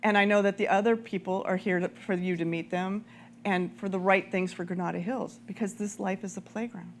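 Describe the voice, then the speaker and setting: A woman minister preaches in an animated, conversational way and laughs easily. Her voice sits in a middle pitch. A faint hum sits under the recording. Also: fairly quick. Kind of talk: sermon and closing prayer.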